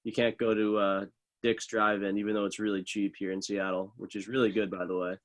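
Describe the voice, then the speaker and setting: A young professional middle-distance runner, appearing as a guest, chats casually in an interview. His fairly low voice moves fairly quickly, and he sounds relaxed and loose, dropping plenty of "like" and "uh."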